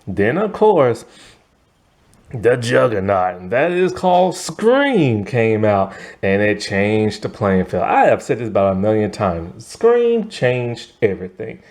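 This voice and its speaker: A man's voice: lowish voice, huge pitch swings, takes it slowly, darkish tone. A man giving a casual, rambling movie review, full of fillers like "like" and "you know" and breaking into laughs.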